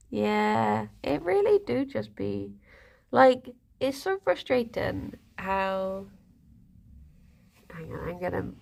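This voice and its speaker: Speaking in a mid-range voice with vocal fry, a young woman is live streaming. She chats casually, reading viewer comments aloud and rambling to her pet rabbits.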